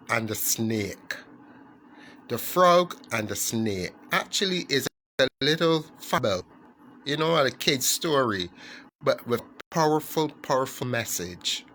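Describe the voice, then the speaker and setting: A man's voice: mid-range voice, a bit bright, a little hiss or hum. A man telling a fable to his online audience in an earnest, repetitive way, correcting himself as he goes. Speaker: storyteller.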